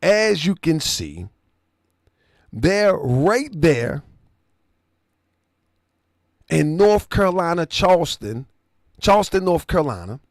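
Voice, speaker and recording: A man with a high, gravelly voice tells a story in casual commentary, his pitch leaping up and down as he acts out both sides of a conversation. He keeps checking that the listener follows along. The recording is dry and close. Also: sing-song, slow pace, long pauses, no room sound. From Baltimore area. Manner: conversational, retells dialogue, asks listener to follow. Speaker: online show host.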